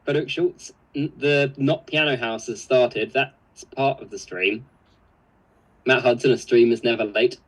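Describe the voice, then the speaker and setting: A man's voice: medium pitch, a little slow, slightly rough, poor audio. A man co-hosting a live stream, reading viewer comments aloud in a casual, chuckling way. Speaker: co-host reading live chat.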